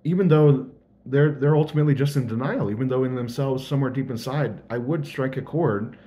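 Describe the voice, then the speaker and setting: A man's voice: medium pitch, a little fast, warm tone. A young man thinking aloud in a casual, earnest vlog monologue.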